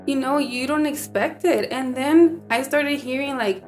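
A woman's voice: high-pitched, soft background music. A young woman co-hosting a podcast, chatting earnestly and often agreeing. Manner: conversational, earnest, quick to agree. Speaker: podcast co-host. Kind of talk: casual chat.

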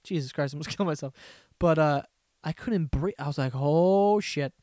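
Young male podcast host, loose profane storyteller, slightly high voice, dry mic. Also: fast, dry recording. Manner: profane, rambling storyteller with frequent laughs. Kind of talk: casual solo comedy podcast rant.

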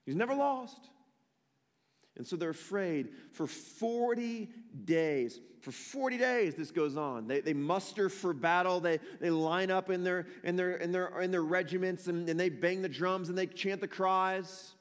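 Male pastor, high voice, emphatic storyteller who repeats lines for weight, long hall echo. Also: measured pace, hardly any pauses. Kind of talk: sermon.

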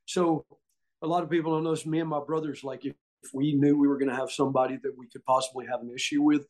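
Here the Southern-accented former wrestler talks quickly in a fairly high-pitched voice. As a middle-aged podcast guest telling casual stories, he's animated, acts out quotes and laughs a lot.

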